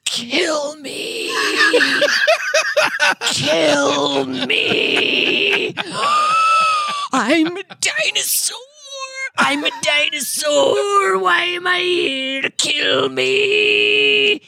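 A woman's voice: extremely high pitch, huge pitch swings, very slow, vocal fry, shouting, background noise, voice pushed up, heavily acted. A woman voicing a weary ancient turtle who cries out in despair, in a told joke. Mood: despairing wail. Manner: wailing, crying out.

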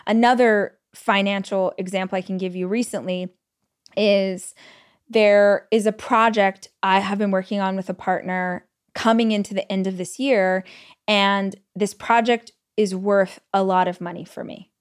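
A woman hosting a solo podcast, telling personal stories in a chatty, animated way full of "like" fillers and quoted thoughts. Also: medium pitch, measured pace, clear, resonant tone. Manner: retells stories with quoted inner speech. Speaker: podcast host. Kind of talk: casual solo podcast storytelling.

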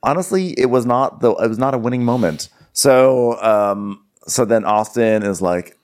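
A man's voice: medium pitch, moderate pace, darkish tone. A man co-hosting a podcast, recapping in a wry, exasperated casual chat full of "like". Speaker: podcast co-host.

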